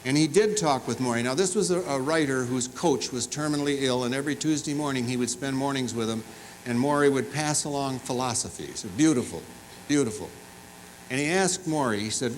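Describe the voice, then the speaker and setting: A brisk, medium-pitched man gives a commencement address in a large university fieldhouse, telling funny stories and teasing the audience. His storytelling is animated and full of asides to the crowd. The recording is rough, with a little hiss or hum.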